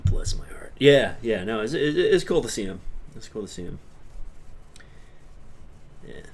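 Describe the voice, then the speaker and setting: A man's voice: mid-range voice, very animated, measured pace, husky. A man hosting a casual livestream, rambling and laughing as he answers chat questions. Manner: chatty with frequent restarts. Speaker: livestream host.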